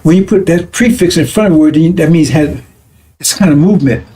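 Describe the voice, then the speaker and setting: A man's voice: fairly high pitch, fast talker, mellow. A man preaching a broadcast sermon in a conversational teaching manner, often stopping to check with listeners. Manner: conversational, repeats 'right?' and 'see?' to check listeners.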